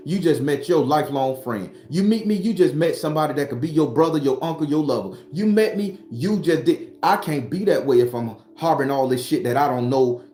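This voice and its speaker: Sitting behind his home studio, a spiritual vlogger and tarot reader gives a casual motivational monologue that's blunt and full of profanity. His mid-range voice is warm, the sound is roomy, and he hammers his points home with repeated phrases.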